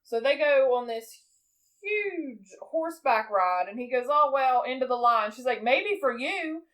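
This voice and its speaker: A woman in her thirties with a fairly high voice chats casually on a podcast. She recaps a film with animated energy and slips into quick impressions of its characters. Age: 30s. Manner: animated, acts out movie lines while retelling. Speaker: podcast co-host.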